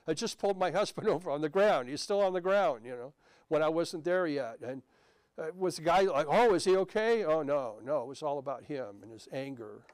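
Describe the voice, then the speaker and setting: A man's voice: fairly high pitch, clear, resonant tone, no echo. A middle-aged male pastor giving a sermon in a conversational way, telling a personal story and reading scripture.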